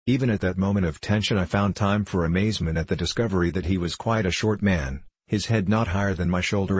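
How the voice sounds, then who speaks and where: A man narrating an audiobook in a measured, wry storytelling manner. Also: low-pitched, breathy edge, no room sound.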